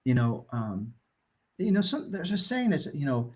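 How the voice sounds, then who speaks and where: A middle-aged man, a guest, telling stories in an animated way that swings between loud and soft. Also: mid-range voice, moderate pace, breathy edge. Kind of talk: casual storytelling.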